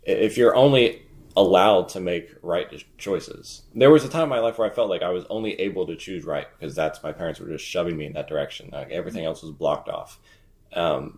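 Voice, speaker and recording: A man's voice: low voice, fast talker, a little mellow. A teenage man co-hosting a podcast in casual chat, thoughtful, often restarting and searching for the right word. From Raleigh, North Carolina. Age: teens. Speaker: podcast co-host.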